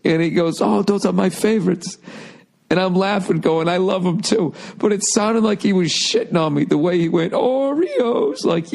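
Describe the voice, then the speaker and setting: A middle-aged comedian hosts a podcast, spinning a rambling story heavy with swearing and mimicking people along the way. He's animated, with a voice on the high side and some vocal fry.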